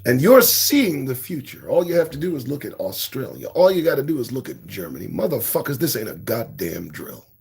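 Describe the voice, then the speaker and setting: A man's voice: mid-range voice, big pitch swings, brisk, creaky, few pauses, breathy edge. A man hosting his own talk show, ranting bluntly and profanely at his listeners and urging them to pay attention. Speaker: host.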